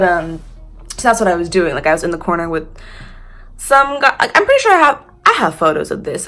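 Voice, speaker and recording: A woman's voice: fairly low pitch, a bit bright. A young American woman casually telling a storytime tale, chatty, laughing and swearing freely. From United States.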